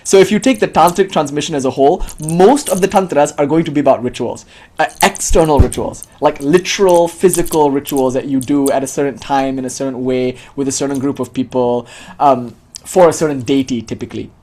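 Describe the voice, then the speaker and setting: A man giving a casual spoken lecture on a spiritual tradition, animated and chatty, with lots of fillers and free swearing. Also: medium pitch, a little fast. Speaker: teacher of tantric tradition.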